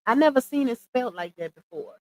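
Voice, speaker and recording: This livestream host speaks fast in a high-pitched, expressive voice, though the audio is poor. She chats away, calling out viewers by name with warm thanks and laughter.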